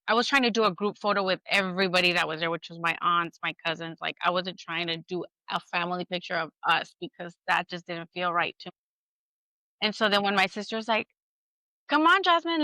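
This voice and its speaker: Bright-voiced woman telling a candid story. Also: on the low side, little pitch movement, a little fast, clear, resonant tone, dry recording, poor audio. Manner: earnest, candid storytelling with quoted dialogue. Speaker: podcast co-host. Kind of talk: casual podcast chat.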